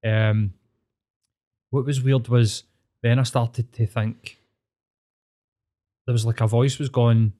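A man's voice: mid-range voice, flat delivery, measured pace, pauses often, warm tone. A man with a Glaswegian accent telling a long personal story in casual podcast chat, rambling and sweary but earnest. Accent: Scottish, Glaswegian.

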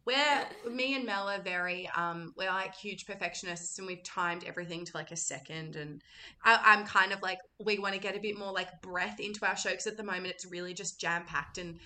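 A woman's voice: lowish voice, a little fast. A young woman with an Australian accent, a cabaret performer chatting casually and acting out voices as she tells stories. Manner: animated storytelling, acts out voices. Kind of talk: casual podcast chat.

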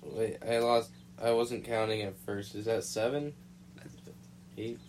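A man's voice: on the low side, steady tone, a little slow, darkish tone, a little hiss or hum. A man co-hosting a podcast in casual chat, jokey and wisecracking, swearing freely. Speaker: podcast co-host.

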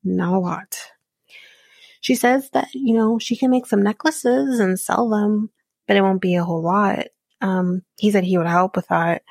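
A woman's voice: mid-range voice, a little slow, creaky, darkish tone, dry recording. A woman hosting a podcast, casually recapping a reality show in a chatty, opinionated way with frequent ums and asides.

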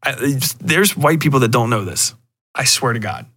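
A man's voice: mid-range voice, animated, normal speed, fairly bright tone, no echo, clean studio sound. A man hosting a podcast, ranting in a profane, rambling way with lots of restarts. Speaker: podcast host. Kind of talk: casual solo rant.

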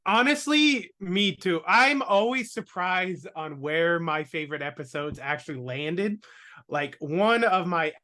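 A man with a bright, slightly higher voice chats loosely on a podcast. He hedges and circles with lots of ums, swearing offhandedly as he goes. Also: a little slow. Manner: rambling, many fillers, swears casually. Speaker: podcast host. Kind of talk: casual chat.

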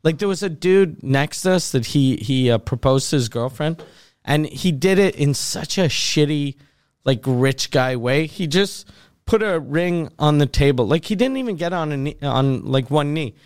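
A man's voice: on the high side, animated, normal speed, darkish tone, clear, resonant tone, dry recording, clean studio sound. Crude rambling male podcast co-host. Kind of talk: casual banter.

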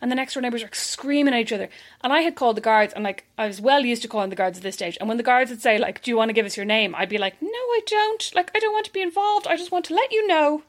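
A young Irish woman chatting casually, telling animated stories and mimicking other people's voices. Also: on the high side, quick pace. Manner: animated anecdotes, mimics voices, laughs often. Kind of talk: casual chat, storytelling.

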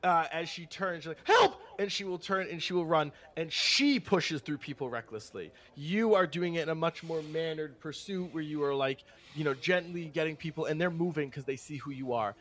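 A man narrating a tabletop game as game master, animated, with sudden shouted character bits. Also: on the high side, moderate pace, few pauses.

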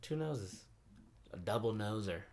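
A man's voice: lowish voice, lively intonation, a little slow, a little mellow. A man co-hosting a podcast, chatting casually with dry, wry humor. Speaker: podcast co-host. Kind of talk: casual chat.

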